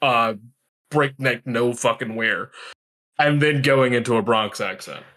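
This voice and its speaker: A man's voice: mid-range voice, a little slow, pushed and bright. A man co-hosting a podcast, chatting casually and playfully, explaining things step by step. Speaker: podcast co-host. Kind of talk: casual group discussion.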